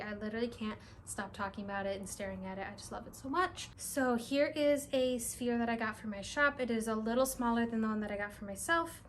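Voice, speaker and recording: Young woman, fairly high voice, excitable, gushing, casual vlog talk, faint background noise. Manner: gushing, excitable, lots of "like" and "really, really". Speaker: crystal shop owner and vlogger. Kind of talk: casual show-and-tell vlog.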